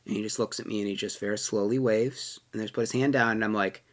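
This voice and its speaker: A man co-hosting a casual review podcast, talking in a rambling, filler-heavy, animated way. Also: on the low side, quick pace. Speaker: podcast co-host reviewing haunted attractions. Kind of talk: casual chat.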